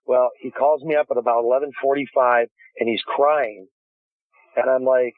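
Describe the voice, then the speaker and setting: A man's voice: mid-range voice, fairly even intonation, fairly quick, dry recording. A man, a guest inventor on a phone interview, telling stories eagerly with frequent restarts. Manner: enthusiastic storytelling with many restarts. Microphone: phone call. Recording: dry tinny phone line.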